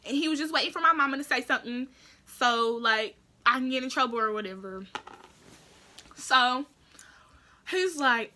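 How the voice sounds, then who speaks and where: Young woman, casual storytime vlog, high-pitched, bright, animated storytelling, lots of filler words. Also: normal speed, pauses often. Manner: animated storytelling, acts out quoted family voices; frequent "like" and "that's that" fillers. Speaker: vlogger.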